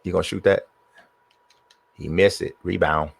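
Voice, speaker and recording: A man's voice: sits low, fairly even intonation, moderate pace, creaky, breathy edge, dry recording. A man streaming gameplay, muttering and trash-talking his players as he plays. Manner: trash-talks the game, mutters to himself. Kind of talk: live gameplay commentary.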